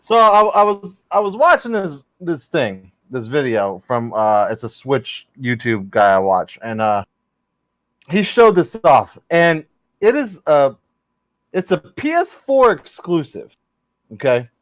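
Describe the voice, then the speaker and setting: A man co-hosting a casual gaming news show, excitable and cursing while he tells stories. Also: on the high side, unhurried, dry recording. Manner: lively, swearing, excitable storyteller. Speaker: podcast co-host.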